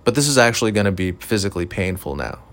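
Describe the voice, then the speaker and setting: A man's voice: lowish voice, very animated, fast, a little hiss or hum. A man telling a rambling, profane, self-deprecating story in a casual monologue, with lots of fillers. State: recovering from illness, short of breath at times. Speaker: podcast host.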